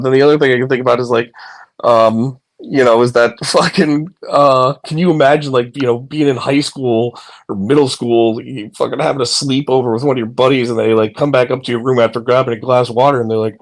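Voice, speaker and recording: A man's voice: medium pitch, steady tone, fairly quick. A man chatting casually on a phone from bed, rambling with lots of fillers, swearing and laughing. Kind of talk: casual online chat.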